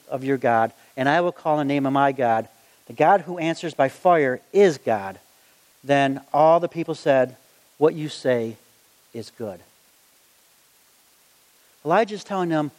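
A man preaching a sermon, reading Bible verses aloud and acting out the story in lively voices. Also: on the high side, a little slow, long pauses. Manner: animated, acts out the story in voices. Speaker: gospel magician preacher. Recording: long hall reverb.

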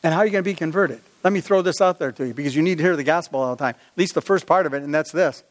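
A middle-aged man preaching a sermon as pastor, animated, climbing to emphatic peaks and sinking low again. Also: racing.

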